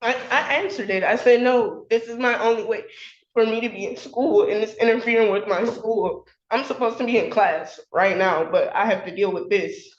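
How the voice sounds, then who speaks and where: A young woman defends herself in court, hesitant and filler-heavy, in a fairly high voice. The sound is echoey and dull, caught by a courtroom recording. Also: moderate pace. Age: young adult. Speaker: tenant defendant. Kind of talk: courtroom testimony.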